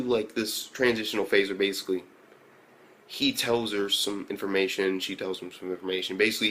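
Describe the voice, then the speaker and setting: A man giving a casual anime episode review, swearing constantly and rambling through fillers, sometimes jumping into excited reactions. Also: slight background noise. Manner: profane, loose storytelling full of fillers; jumps to excited high-pitched reactions.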